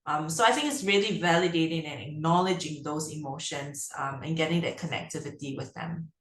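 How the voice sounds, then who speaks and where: A low-voiced woman guest talks on a parenting webinar, her audio echoing around the room. She speaks haltingly, repeating words while she hunts for the right one. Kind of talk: giving advice on a webinar.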